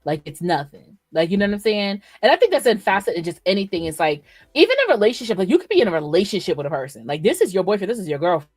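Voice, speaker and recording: A woman's voice: medium pitch, breathy edge, no room sound. A female podcast co-host in casual chat, talking frankly and reacting with feeling. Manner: frank, expressive, quick to react.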